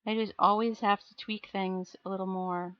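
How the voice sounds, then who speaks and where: A woman's voice: mid-range voice, steady tone, moderate pace, highs cut off. A woman live streaming as she paints miniatures, chatting casually and self-deprecatingly while answering her chat.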